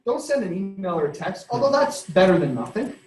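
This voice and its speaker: A man, a company head giving a sales training in a lively, storytelling way. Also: high-pitched, fairly quick. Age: 30s. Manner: energetic, conversational, storytelling with laughs. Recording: echoey room.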